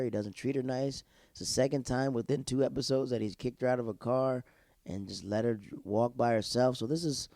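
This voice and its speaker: A male podcast host giving a casual, slangy recap of a TV episode, acting out the characters' lines in quick put-on voices. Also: lowish voice, warm tone, no room sound, clean studio sound. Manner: laid-back slangy talk.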